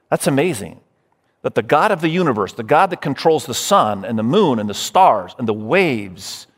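A man's voice: on the high side, fairly bright tone. A man preaching a sermon as pastor, emphatic, running through lists and speaking straight to his listeners. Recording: long hall reverb.

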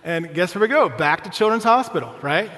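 A man's voice: high voice, expressive, a little fast, a bit bright, big-room sound. A male pastor preaching a sermon, telling a family story with humor and often asking the congregation "right?".

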